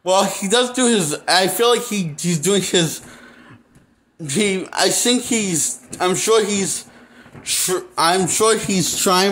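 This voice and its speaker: A man with a somewhat high voice rambles through a movie review. He speaks slowly, halting often and restarting sentences with plenty of fillers. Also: fairly bright tone. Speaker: movie critic. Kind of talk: unscripted spoken movie review.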